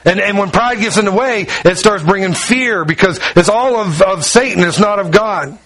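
A man preaching a sermon with a fairly high voice. He tells the story with lively energy, acting out each character's lines as he paces about. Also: normal speed, poor audio. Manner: walks around while preaching.

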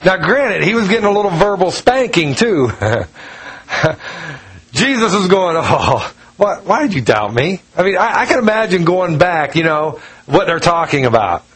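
Male pastor, high voice, chatty storytelling sermon, chuckles often. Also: animated, moderate pace, a bit bright, slightly rough, low-quality recording. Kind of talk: casual sermon.

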